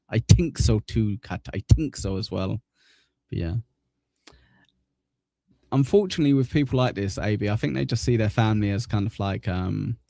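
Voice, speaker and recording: A man's voice: lowish voice, gravelly, dark tone, no room sound, studio quality. A man hosting a live stream, reacting sarcastically to a clip and swearing freely. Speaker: streamer host reacting to a video. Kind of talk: casual live-stream commentary.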